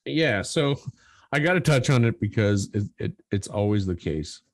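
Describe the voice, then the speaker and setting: A man with a low voice co-hosts a casual podcast chat. His pitch leaps up and down as he talks, he swears freely and laughs often. The sound is dry and close. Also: expressive, normal speed, dry recording. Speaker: podcast co-host.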